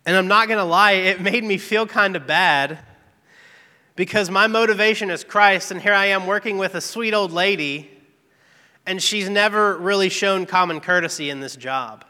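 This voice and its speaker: A man's voice: high-pitched, normal speed, bright, forceful tone. A man giving an earnest, candid devotional testimony, telling a personal story about his work. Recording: long reverb, echoey hall.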